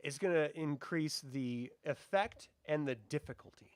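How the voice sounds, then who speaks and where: A man's voice: on the high side, normal speed, clean tone, dry recording. A man running a tabletop game as game master, explaining rules and narrating the action.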